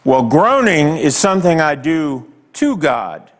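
A man preaches to a congregation, leaning hard on each phrase and letting long pauses hang. His voice rises and falls widely and sits a little higher than most men's. A long reverb trails every line, like a large sanctuary. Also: very animated. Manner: slow, emphatic preaching with dramatic pauses; asks the congregation direct questions. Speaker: pastor. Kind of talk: sermon.

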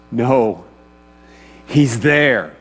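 A man's voice: medium pitch, lively intonation, extremely slow, a bit bright, breathy edge. A man preaching a sermon in a conversational way, often asking his listeners questions. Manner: conversational, asks the audience questions. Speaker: pastor. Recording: long hall reverb, faint mains hum.

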